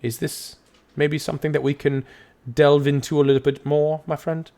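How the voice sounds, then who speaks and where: A man voicing a strict male dwarf constable who speaks in formal, measured pronouncements. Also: a little high, flat delivery, a little mellow, voice pushed up, lightly acted. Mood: stern.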